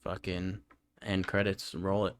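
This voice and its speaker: A young man from northern New York, co-hosting a podcast in casual chat, fast-talking and swearing casually. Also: sits low, little pitch movement, a little hiss or hum. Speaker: podcast co-host.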